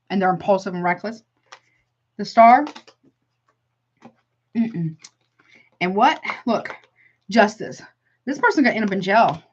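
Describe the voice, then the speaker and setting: Lady doing a tarot reading, blunt and fired up, lots of nope and honey, kinda dull lo-fi sound. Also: medium pitch. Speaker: tarot reader. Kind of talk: casual tarot reading to camera.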